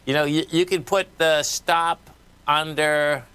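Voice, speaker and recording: A man's voice: a little high, steady tone, takes it slowly, pushed and bright, clear, resonant tone. A man with a Boston accent hosting a live radio market show, talking casually and folksily as he reads numbers off charts. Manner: casual, folksy, talks while reading charts.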